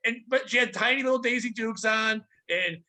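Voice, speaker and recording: A man's voice: moderate pace, rough recording. A podcast host telling a work story in casual chat, acting out the other people's lines as he goes. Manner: animated storyteller, acts out quotes with pitch jumps.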